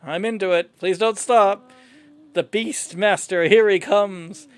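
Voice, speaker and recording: A man with a notably high speaking voice plays through a story game. He reads every character's lines aloud in his own playful manner, in a casual, off-the-cuff playthrough style. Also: steady tone, slow, smooth, dry recording. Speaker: gamer reading dialogue aloud.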